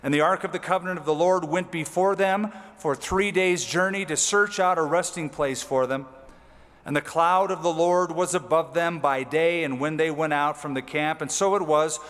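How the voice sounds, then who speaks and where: A man's voice: fairly high pitch, moderate pace, fairly bright tone. A man preaching a verse-by-verse sermon as pastor, reading scripture aloud and then explaining it with casual, conversational asides. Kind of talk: expository sermon. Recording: hall with long reverb.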